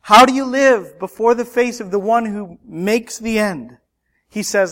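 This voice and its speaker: A man preaching a sermon, impassioned and rhetorical, swinging between loud emphatic lines and hushed ones. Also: high-pitched, measured pace.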